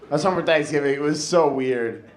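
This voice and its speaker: A man's voice: on the high side, brisk. A young man on stage telling stand-up stories in a dry, conversational way. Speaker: stand-up comedian. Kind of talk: stand-up storytelling. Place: live comedy stage. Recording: echoey room with background noise.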